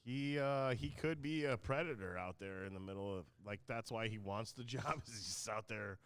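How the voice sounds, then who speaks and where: A man's voice: lowish voice, normal speed, a bit bright, clear, resonant tone, dry recording. A man co-hosting a podcast, reacting to a story with crude banter and joking asides. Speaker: podcast co-host. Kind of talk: casual chat.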